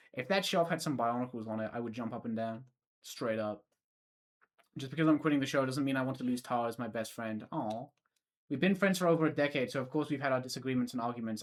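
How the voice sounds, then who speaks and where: A man's voice: medium pitch, quick pace. A young man streaming, reading a visual novel aloud and breaking off with joking, profane asides.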